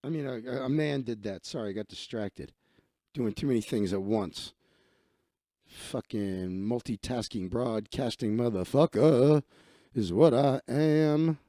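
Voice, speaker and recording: A man's voice: medium pitch, measured pace, mellow, dry recording, studio quality. A man hosting a live stream, reading news stories aloud and ranting bluntly with heavy profanity.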